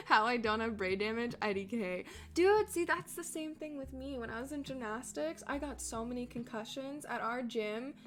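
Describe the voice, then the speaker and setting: A young woman with a somewhat high voice rambles through a story in relaxed, filler-heavy chat, laughing often and swearing freely. Soft music plays faintly underneath. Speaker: streamer reading chat. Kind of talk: casual chat.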